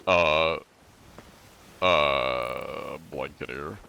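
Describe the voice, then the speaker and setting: A man's voice: fairly low pitch, a little slow, pauses often, fairly bright tone. A man from the United States chatting casually on a live game stream, joking as he answers chat questions.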